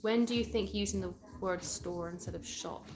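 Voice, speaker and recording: A woman's voice: medium pitch, normal speed, music in the background. Chatty British woman live-streaming. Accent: British English. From England. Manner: chatty, answers viewer comments, hums between reads. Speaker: livestream host. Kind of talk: casual live-stream chat reading comments. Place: indoors at home.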